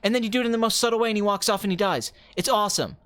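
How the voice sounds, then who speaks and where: A man doing a comedic impression of a cocky film director, ranting fast and swearing, swinging from quiet musing to loud excitement. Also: high voice, dry recording, studio quality.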